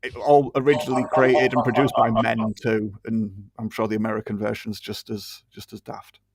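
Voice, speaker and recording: A man's voice: fairly low pitch, flat delivery, moderate pace, no room sound, studio quality. A British man co-hosting a casual podcast chat, ranting bluntly and swearing freely.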